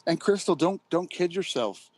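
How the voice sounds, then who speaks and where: A man's voice: on the high side, lively intonation, moderate pace, darkish tone, dry recording. A man taunting and needling someone in a heated casual argument, speaking sarcastically over voice chat. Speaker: livestream participant.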